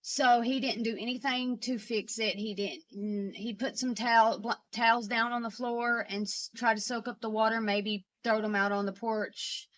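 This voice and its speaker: A woman's voice: fairly high pitch, steady tone, a bit bright. Woman telling a hard family story. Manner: halting, with many fillers and restarts. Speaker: vlogger. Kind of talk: personal storytelling to camera.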